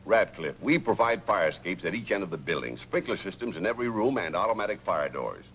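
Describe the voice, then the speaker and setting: An actor playing a cautious, officious school board man who talks in a measured way, in 1940s film acting. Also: low voice, animated, fairly bright tone, a little hiss or hum. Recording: muffled old film sound.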